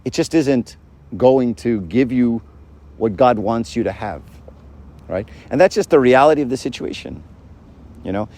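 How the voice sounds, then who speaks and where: A man's voice: medium pitch, lively intonation, measured pace, pauses often, darkish tone. Chatty man giving a faith talk. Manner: conversational, keeps asking "right?"; acts out quoted voices.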